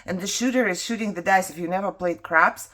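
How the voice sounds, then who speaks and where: A woman's voice: lowish voice, fairly quick, fairly bright tone. A woman whose first language is not English, chatting and telling a story while she crafts, rambling, laughing often and talking to herself as she works. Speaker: craft vlogger.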